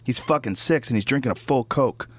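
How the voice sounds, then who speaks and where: A man's voice: mid-range voice, fairly quick, slightly rough, no echo. A middle-aged man hosting a podcast, telling a story as a casual, profane rant that gets heated and repetitive. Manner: profane, heated, repeats himself when worked up. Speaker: podcast host.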